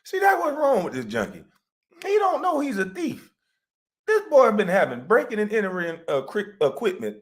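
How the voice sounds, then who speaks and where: A man with a high voice whose pitch swoops wildly hosts a livestream at normal speed, delivering a profane, mocking comedic rant and breaking into laughter.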